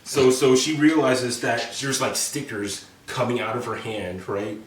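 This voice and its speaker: A man's voice: mid-range voice, unhurried. Young man, rambling casual recap, heavy fillers, echoey room, distant mic, faint noise. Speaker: presenter. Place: indoor room with friends.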